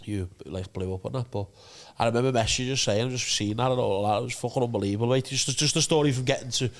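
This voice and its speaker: Fast-talking rambling man. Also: medium pitch. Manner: rambling, sweary, with many fillers. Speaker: podcast co-host. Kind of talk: casual chat.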